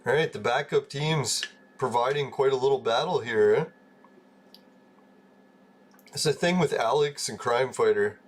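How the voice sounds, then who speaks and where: While gaming on a live stream, this host talks casually with his viewers, chuckles a lot, and swears in an offhand way. His mid-range voice moves at a measured pace with long pauses.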